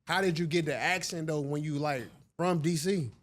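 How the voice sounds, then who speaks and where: A man's voice: on the high side, fairly even intonation, normal speed. A man hosting a casual interview, asking questions in a laid-back, slangy way. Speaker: podcast host.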